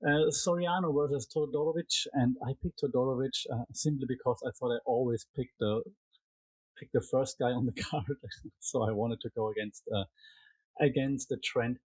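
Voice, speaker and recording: A man's voice: medium pitch, fairly even intonation, normal speed, darkish tone, dry recording, rough recording. A man with a German accent giving a casual solo recap of fight results, chatty and rambling with frequent fillers and restarts. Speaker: MMA commentary podcaster.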